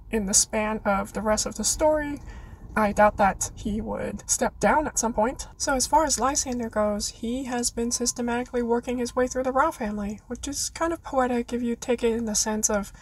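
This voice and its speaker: A woman's voice: a little high, rough recording. A woman reading out her prepared fan essay in an earnest way, with playful dramatic flourishes. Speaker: listener contributor.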